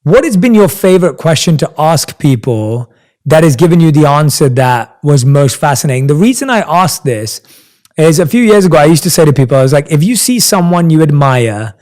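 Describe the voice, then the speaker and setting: A man's voice: fairly high pitch, lively intonation, brisk, a little mellow. A man hosting an interview, asking questions in an enthusiastic, reflective way. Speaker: interview host. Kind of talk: conversational interview.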